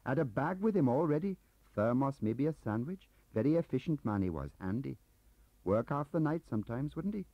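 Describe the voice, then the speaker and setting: A man's voice: medium pitch, expressive, normal speed, no room sound, voice pushed up. A man voicing a fawning, anxious Welsh clerk with a pleading, sing-song voice. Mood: eager, defensive. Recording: muffled tape audio.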